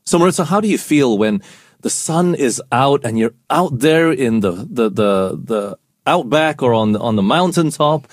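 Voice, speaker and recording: A man's voice: mid-range voice, animated, unhurried, dry recording, clean studio sound. A man co-hosting a casual Bible study show, explaining verses and asking his co-host questions.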